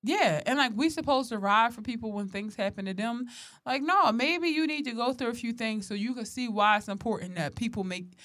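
A woman's voice: on the high side, brisk, a bit bright. A young woman co-hosting a podcast in casual chat, blunt and slangy, often laughing. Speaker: podcast co-host.

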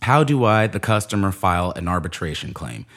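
A man's voice: sits low, sing-song, fairly quick, fairly bright tone. A man telling a sarcastic, profane story in a casual rant, full of asides. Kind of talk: casual ranting monologue.

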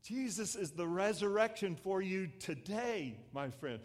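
A man pastor preaching a sermon, swelling loud and then dropping to hushed lines. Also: high-pitched, expressive, measured pace. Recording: echoey hall with long reverb.

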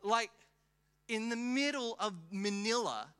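A man in his thirties, a pastor, preaching a sermon in a church in a lively, conversational way, telling personal stories and acting out quotes with many restarts. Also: extremely high pitch, unhurried, clear, resonant tone. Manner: animated, conversational, lots of restarts and acted-out quotes.

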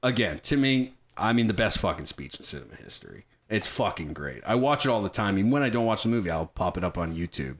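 A man's voice: fairly low pitch, quick pace, few pauses. A man hosting a casual film discussion, talking enthusiastically and swearing freely. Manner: profane, enthusiastic, animated. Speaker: podcast host.

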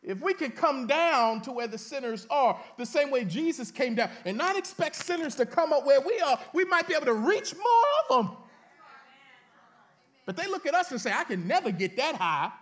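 A man preaching a sermon, reading scripture aloud and speaking colloquially to his congregation, with sudden dramatic rises into shouting. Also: very high voice, very animated, moderate pace. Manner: colloquial, addresses the congregation directly. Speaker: pastor.

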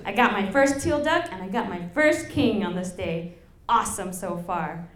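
A young woman from Alaska telling a lively personal story to an audience, laughing and acting out the quotes. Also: mid-range voice, normal speed. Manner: animated, laughing, acts out quotes. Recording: echoey room.

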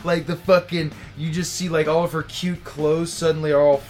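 A man's voice: fairly high pitch, level tone, moderate pace. A young man riffing through an improvised comedy bit, rambling and profane, constantly checking in with "right?".

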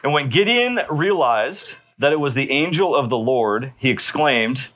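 A man's voice: mid-range voice, animated, a little slow, hardly any pauses, fairly bright tone. A man preaching a sermon in a conversational way, often checking in with his listeners. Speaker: pastor.

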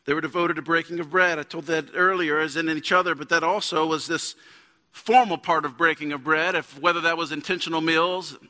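A pastor in his thirties delivers a casual, conversational sermon that climbs into emphatic bursts. His voice sits high and sounds crisp and bright. Long reverb from the church hall trails behind each phrase. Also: fairly even intonation, brisk. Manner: conversational preaching, rising to emphatic peaks. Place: church sanctuary.

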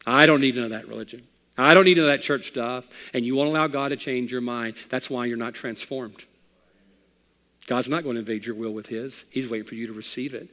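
A man preaching to his congregation, his voice climbing in emphatic bursts and then settling back down. His mid-pitched voice rings out through a church sanctuary with a long, trailing echo. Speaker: pastor. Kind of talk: sermon. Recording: long hall reverb.

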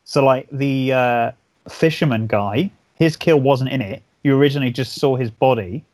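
An animated man talking through a film, piling up restarts and casual swearing as the ideas come. His voice sits in the middle register and sounds close and dry, with no room echo. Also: medium pitch, moderate pace. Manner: enthusiastic, swears often, rambling restarts. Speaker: podcast co-host. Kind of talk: casual film review chat.

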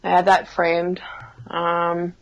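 A woman's voice: on the low side, monotone, takes it slowly, lo-fi sound. A young woman co-hosting a casual chat podcast, dry and sarcastic, teasing her co-hosts with exasperated remarks. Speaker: podcast co-host.

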